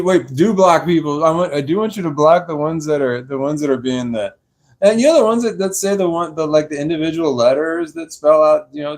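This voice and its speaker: A young man rambling slowly on a live stream from his sofa, tired and a little slurred, laughing often. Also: on the high side, a little mellow. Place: dark room on a sofa at home. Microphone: clip-on microphone.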